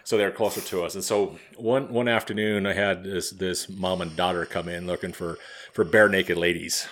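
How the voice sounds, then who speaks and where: A man with a low voice hosts a podcast, telling an anecdote at a moderate pace in casual chat. He's an animated storyteller who swears freely.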